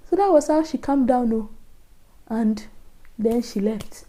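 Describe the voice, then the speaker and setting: A Nigerian woman vlogger telling a personal story in a lively, animated way, acting out the voices she quotes. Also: medium pitch, measured pace. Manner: animated, acts out quoted voices, frequent laughs. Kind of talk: casual storytelling.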